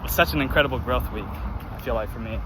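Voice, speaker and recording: A man's voice: mid-range voice, fast. A young man in casual reflective chat, earnest and full of "like", filmed outdoors. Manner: earnest, filler-heavy with frequent "like". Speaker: vlogger. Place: outdoors near traffic. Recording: outdoor street noise.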